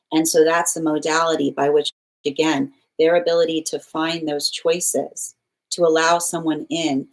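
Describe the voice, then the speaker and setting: A woman's voice: low voice, poor audio. A woman giving a live tarot dream reading in an earnest, flowing way, often checking in with "right?" and leaning on spiritual phrases. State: choked up with emotion. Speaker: tarot reader.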